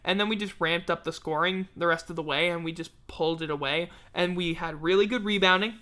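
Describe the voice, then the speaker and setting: A man's voice: fairly high pitch, fairly quick, bright, forceful tone. A man hosting a casual sports recap, blunt and sarcastic, tired and yawning. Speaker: host of a sports podcast.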